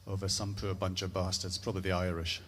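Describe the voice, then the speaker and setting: A man's voice: low-pitched, completely flat delivery, fast talker, fairly bright tone, a little hiss or hum. A Scottish man telling a comic story in a wry, rambling way, with profane asides. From Scotland.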